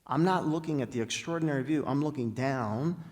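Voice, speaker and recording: A man's voice: mid-range voice, a little mellow. Man telling a story in a reverberant hall. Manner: storytelling, dramatic pauses, slows down for emphasis. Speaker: guest speaker. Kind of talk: inspirational talk. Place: large spiritual center hall.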